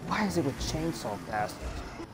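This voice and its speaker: A man's voice: on the high side, big pitch swings, normal speed, heavy background noise. A man commenting on his own gameplay in a let's play, frustrated and swearing often. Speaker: gamer.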